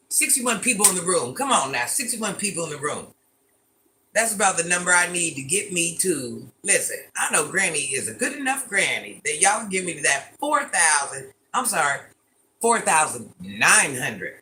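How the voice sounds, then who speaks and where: A woman of about fifty hosts a loose livestream from her living room. She reads viewer comments off her phone and teases them, and she likes to say the same line twice. Her voice is bright and sharp, with a faint hum of room noise behind it. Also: deep voice, big pitch swings, moderate pace. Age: around fifty. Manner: chatty and teasing, repeats lines playfully, calls herself Granny. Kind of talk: casual livestream chat, reading viewer comments aloud.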